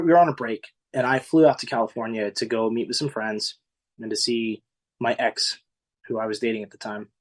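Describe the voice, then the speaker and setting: Earnest young man in his twenties. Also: mid-range voice. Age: 20s. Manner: earnest, halting, emotional, casual with many fillers. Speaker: podcast guest, former singing contestant. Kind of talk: emotional interview recollection.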